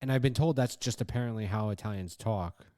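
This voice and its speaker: A man with a fairly low voice co-hosts a casual podcast and talks frankly, with a few casual swear words. His delivery is plain and direct. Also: fairly quick, dark tone. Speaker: podcast co-host. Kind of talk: casual chat.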